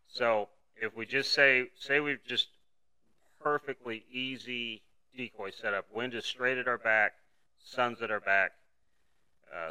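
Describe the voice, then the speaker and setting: Guy on a podcast breaking things down with simple analogies, lowish voice, super bright and clean. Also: clear, resonant tone, poor audio. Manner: explanatory, conversational, uses everyday analogies. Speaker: podcast host teaching duck calling. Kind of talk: solo instructional podcast talk. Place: indoors, talking to a camera.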